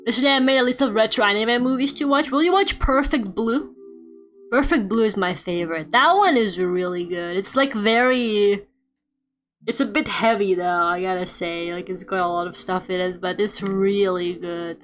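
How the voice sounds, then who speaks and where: Chatty young woman streamer, soft music. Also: medium pitch, normal speed. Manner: chatty, lots of fillers, playful rants. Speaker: streamer and artist. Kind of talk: casual chat while drawing on stream. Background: quiet game music playing.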